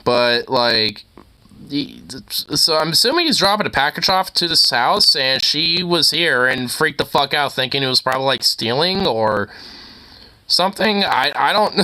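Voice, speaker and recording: A man's voice: fairly high pitch, a little slow. A man streaming, reacting to a video with casual, profane, exasperated commentary. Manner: animated, profane, exasperated ranting.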